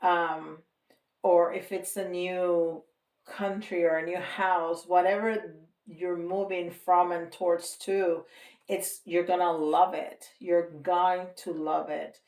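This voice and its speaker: A woman giving a casual tarot reading to viewers, slow and reassuring, with frequent light laughter. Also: fairly low pitch, little pitch movement, darkish tone. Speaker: tarot reader. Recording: roomy, from a distance.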